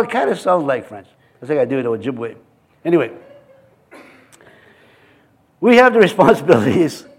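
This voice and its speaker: A male pastor with a fairly high voice preaches to his congregation in a church. He mixes scripture readings with joking, chuckling asides. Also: breathy edge. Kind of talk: sermon.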